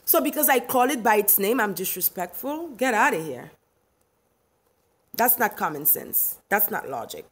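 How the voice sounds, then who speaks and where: A woman's voice: on the high side, a bit bright. A middle-aged woman from Haiti with a Haitian accent, hosting a live stream, ranting emphatically and indignantly, laughing often and answering viewers' comments. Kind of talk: livestream rant reading chat.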